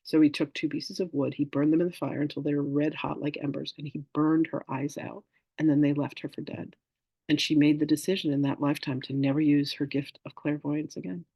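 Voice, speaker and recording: A man with a fairly high, gravelly voice that carries some huskiness hosts a spiritual class over a video call. He talks casually, moves from teaching into stories, and acts out the people he quotes along the way. The sound is dry and close. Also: fairly quick, no room sound, highs cut off. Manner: animated storyteller acting out quoted voices. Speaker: spiritual teacher hosting a masterclass.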